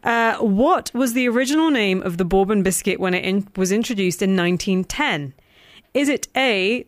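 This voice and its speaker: A woman's voice: medium pitch, lively intonation, normal speed, no room sound, studio quality. A woman hosting a casual quiz segment, reading questions and options with playful asides. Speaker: quiz master. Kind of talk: casual radio chat.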